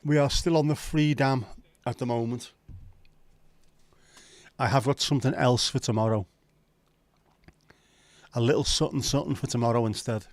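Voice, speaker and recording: A man hosts a relaxed live stream and keeps up a jokey, chatty patter as he greets viewers one by one. His voice sits at a middle pitch. The sound is dry and close, with no room echo. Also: normal speed, pauses often. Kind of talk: casual watch-along chat.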